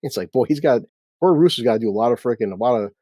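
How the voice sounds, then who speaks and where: A man's voice: medium pitch, expressive, rapid-fire, warm tone, husky, no echo. A man hosting a casual show, retelling scenes in a rambling, profane way. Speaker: podcast host recapping a TV episode. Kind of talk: casual chat.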